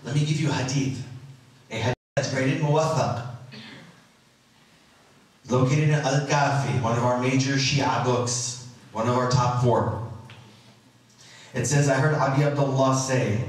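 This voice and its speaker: A man's voice: mid-range voice, a little slow, pauses often, distant mic. Earnest lecturing man in an echoey hall. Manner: earnest and emotive, addressing listeners directly. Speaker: religious lecturer. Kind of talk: religious lecture to a live audience. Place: school hall.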